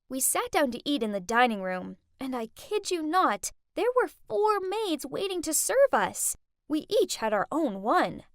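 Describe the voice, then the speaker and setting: A woman telling a first-person story in an expressive, dramatic way for an animated story video, recorded close to a studio mic. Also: high-pitched, dry recording. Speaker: story narrator. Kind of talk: scripted first-person narration.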